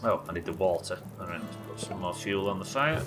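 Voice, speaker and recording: A man's voice: low-pitched, animated, brisk, music in the background. A man chatting loosely while streaming a survival game, rambling, swearing and joking at his own expense. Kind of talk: casual gameplay commentary.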